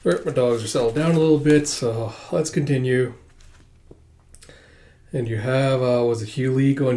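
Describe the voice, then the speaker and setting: A man's voice: medium pitch, steady tone, moderate pace, long pauses, mellow. Chatty man recapping a comic. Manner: chatty, keeps saying "it's like". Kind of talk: casual chapter recap. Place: home with dogs.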